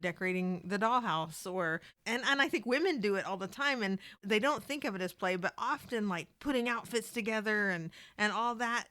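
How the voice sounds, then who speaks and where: A woman's voice: mid-range voice, normal speed, few pauses, bright, forceful tone, no room sound. A middle-aged woman, co-hosting a podcast, chatty and giggly. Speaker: podcast co-host. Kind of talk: casual chat.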